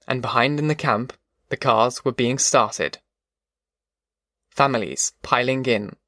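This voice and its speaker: A man reading a novel aloud in measured, descriptive narration. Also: medium pitch, fairly bright tone, dry recording, clean studio sound. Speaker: audiobook narrator. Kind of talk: scripted narration.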